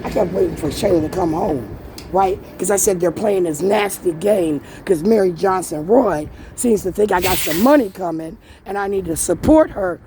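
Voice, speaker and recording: A woman ranting about her family in a rambling, agitated way, swearing heavily, her voice climbing higher as she gets angrier. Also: moderate pace. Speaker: vlogger. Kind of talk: emotional personal rant. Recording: loud vehicle noise behind.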